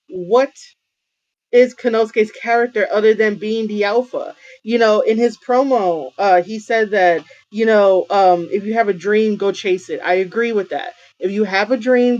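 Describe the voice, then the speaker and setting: A woman's voice: medium pitch, darkish tone. A woman hosting a wrestling commentary show, giving her opinions in a casual rant full of fillers and restarts. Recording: dull lo-fi sound.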